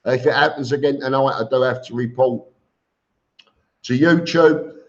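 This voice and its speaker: A man's voice: mid-range voice, moderate pace. A man hosting a casual live stream, reading viewer comments aloud and answering them with chuckles. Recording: dull lo-fi stream audio.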